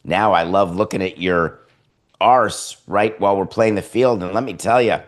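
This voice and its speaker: A man's voice: low voice, fairly even intonation, normal speed, close to an everyday voice. A man voicing a wheedling male ballplayer who coaxes a teammate in a conspiratorial way. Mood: coaxing. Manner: coaxing, conspiratorial.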